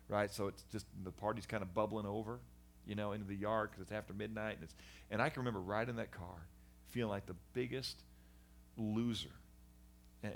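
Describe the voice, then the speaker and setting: A middle-aged man, a guest in a conversation, giving a candid personal testimony about his past in an animated, earnest way with frequent restarts. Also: lowish voice, vocal fry, slight background noise. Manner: animated storyteller, acts out voices of people in his story. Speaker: guest sharing his life story.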